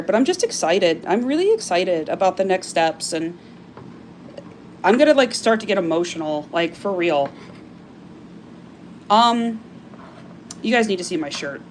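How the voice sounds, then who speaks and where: A woman's voice: fairly low pitch, very animated, unhurried, long pauses, slight background noise. A woman hosting a casual live-stream sale, chatty and gushing as she shows off items, with frequent fillers. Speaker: live-stream seller of crystal carvings.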